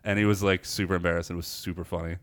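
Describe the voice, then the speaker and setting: A man with a fairly low voice, talking loosely on a podcast about a cheesy horror movie. He rambles, restarts and swears freely, recorded dry and close with no room sound. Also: flat delivery, very fast, no room sound. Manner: rambling, swears freely, loses his train of thought. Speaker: podcast co-host. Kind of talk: casual movie-review chat.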